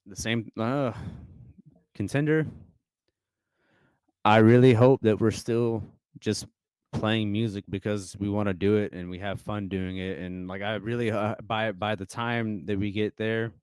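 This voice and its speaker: This young man, a musician on a podcast, tells loose, laughing stories packed with fillers and false starts, never sounding polished. His voice is low, smooth, resonant, and a little mellow, with fairly even intonation and an unhurried pace, recorded close and dry with no room sound.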